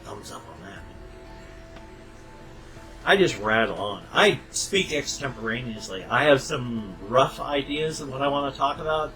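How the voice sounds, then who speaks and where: Animated older man rambling to webcam. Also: mid-range voice, unhurried, soft background music, low-quality recording. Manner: animated, chatty, tangents, loud bursts. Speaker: vlogger. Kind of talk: rambling casual webcam monologue. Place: at home.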